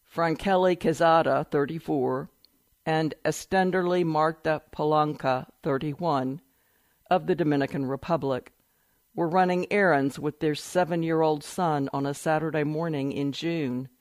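A man reading a news article aloud in an even, measured way. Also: a little high, dry recording. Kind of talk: read-aloud news report.

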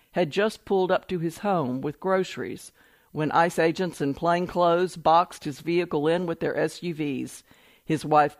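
Guy reading out a news story, kinda high voice, steady and even, dry close sound. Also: no echo. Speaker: news article reader. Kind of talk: read-aloud news report.

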